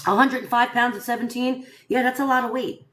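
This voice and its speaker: Animated woman hosting a live stream. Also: fairly high pitch, fairly quick, slight background noise. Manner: animated, rhetorical, addresses viewers directly. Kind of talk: casual live-stream commentary. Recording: echoey room sound.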